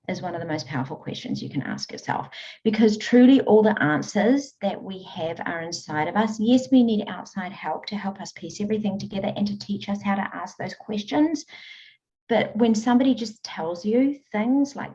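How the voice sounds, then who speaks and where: A woman coach telling stories in an interview, earnest and animated. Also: medium pitch, moderate pace. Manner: earnest, animated storytelling with frequent laughs. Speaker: guest, emotional eating coach. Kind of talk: conversational interview. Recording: dull lo-fi audio.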